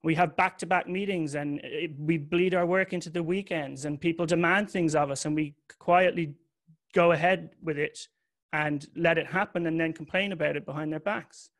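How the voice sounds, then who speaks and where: A man's voice: fairly high pitch, steady tone, moderate pace, a bit bright. A young man giving a candid, confessional talk to an audience, swearing casually.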